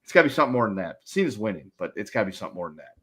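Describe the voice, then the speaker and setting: A man's voice: on the low side, sing-song, very fast, fairly bright tone, husky. A man co-hosting a podcast, giving exasperated, rambling opinions in casual chat. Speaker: podcast co-host.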